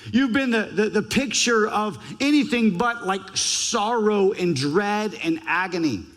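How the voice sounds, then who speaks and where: A man preaching a sermon as pastor, emphatic, ranging from raised urgency to hushed scripture reading. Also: measured pace. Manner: emphatic, varies pitch and pace widely, drops to a hush for scripture. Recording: long church hall reverb.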